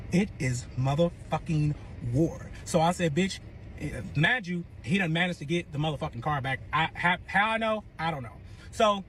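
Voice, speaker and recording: A man telling a dramatic personal story in a profane, animated way, acting out what people said. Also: high voice, slight background noise. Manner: profane, dramatic, acts out quotes. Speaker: storyteller in a clip.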